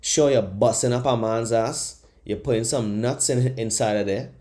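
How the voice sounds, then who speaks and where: Profane, ranting male podcast host, dark tone. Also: medium pitch, normal speed. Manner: animated, profane, mocking voices in bursts. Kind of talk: comedic monologue rant.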